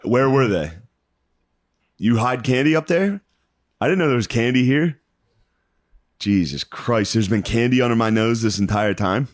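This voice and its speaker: A man co-hosting a comedy podcast in casual chat, jumping in with blunt, quick reactions. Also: mid-range voice, dry recording, clean studio sound. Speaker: podcast co-host.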